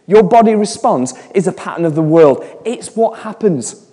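A man's voice: a little high, animated, fairly quick, mellow, slightly rough. Man in his forties preaching with hall reverb. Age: 40s. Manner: chatty storytelling with repeated restarts. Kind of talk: sermon.

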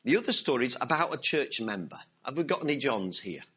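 Animated storytelling male pastor, lo-fi. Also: medium pitch, fast, husky. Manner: animated storyteller, acts out voices. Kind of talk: sermon with story and call-and-response.

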